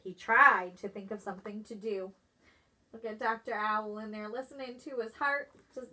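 A preschool teacher reading a picture book aloud, pausing to ask the children questions. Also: female voice, a little high. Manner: expressive, asks children questions. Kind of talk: storybook read-aloud for preschoolers.

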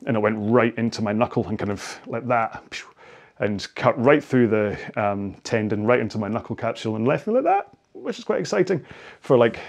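With a mid-range, darkish voice, a Scottish man in his forties coaches indoor rowing, leading a casual workout cool-down through stretches. He chats and rambles, poking fun at himself along the way.

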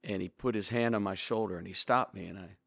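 A man's voice: on the low side, fast, vocal fry, fairly bright tone, no echo, studio quality. A man in his sixties, a longtime pastor and author, telling stories in an interview in an earnest, preacherly way and acting out the dialogue he quotes. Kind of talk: reflective storytelling interview.

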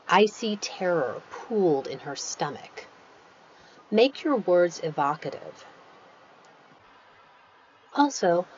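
A woman author teaching a writing workshop, patiently explaining craft and spelling out punctuation aloud, with lively rises for emphasis. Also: fairly low pitch, slight background noise. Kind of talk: recorded lecture. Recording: dull lo-fi recording with faint ambience.

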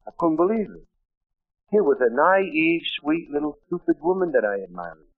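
A man's voice: on the high side, very animated, normal speed. A man from Brooklyn, telling his story as a speaker at a meeting in a blunt, wisecracking way. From Brooklyn, New York. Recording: tinny lo-fi 1970s tape, dry.

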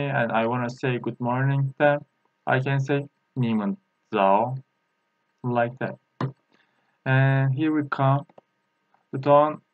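A man teaching a language lesson, a Turkish native speaker, talking in a halting way with many fillers and repeating sounds slowly for practice. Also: medium pitch, dry recording, highs cut off.

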